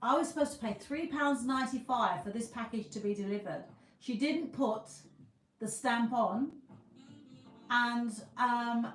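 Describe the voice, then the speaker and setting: A woman's voice: on the high side, far from the mic. A woman from the UK chatting casually with viewers on her livestream, rambling and restarting often. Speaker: livestream host. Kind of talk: casual live chat with viewers. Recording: roomy, from the mic, faint music.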